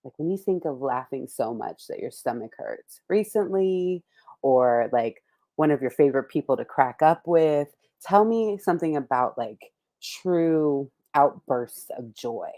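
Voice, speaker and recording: A woman's voice: rumbling low, animated, measured pace, dark tone. A woman hosting a panel chat, encouraging her guests and laughing often. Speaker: host.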